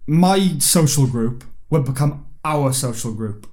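A man chats casually with a friend, dropping dry, teasing jokes. His humour is deadpan and mischievous. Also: mid-range voice, unhurried. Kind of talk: casual chat.

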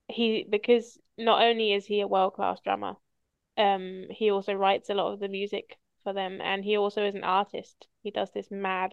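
A woman's voice: medium pitch, creaky, clean tone, no room sound, highs cut off. A woman hosting a podcast, telling stories in casual chat and swearing freely. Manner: chatty storyteller, swears casually. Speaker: podcast host.

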